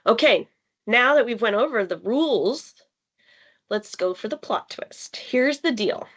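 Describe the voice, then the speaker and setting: A woman leading a live online design workshop, explaining ideas in a conversational way with fillers and pauses for emphasis. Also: fairly high pitch, lively intonation, fairly bright tone, lo-fi sound. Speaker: workshop facilitator. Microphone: video call.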